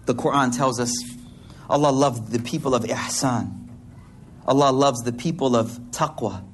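In a hall before an audience, a male preacher with a mid-range voice gives a sermon that pairs religious teaching with casual slang. He acts out lively, animated voices, and the recording carries a little hiss or hum.

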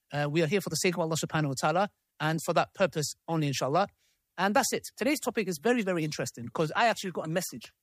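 A man's voice: fairly high pitch, fairly bright tone, no echo, clean studio sound. A man hosting a live panel discussion who reads messages aloud with asides and frequent checks with the room. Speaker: host of a debate panel.

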